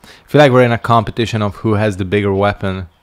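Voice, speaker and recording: A man's voice: fairly low pitch, steady tone, quick pace. A male streamer giving casual gameplay commentary, making wry jokes and yawning as he plays. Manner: wry, joking asides while playing. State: sleepy, yawning.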